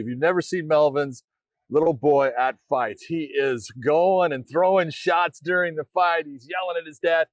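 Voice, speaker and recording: Man, middle-aged, podcast co-host: lively storyteller, slightly high voice, dry close sound. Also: dry recording. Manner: animated storyteller, acts out quotes. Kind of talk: casual chat.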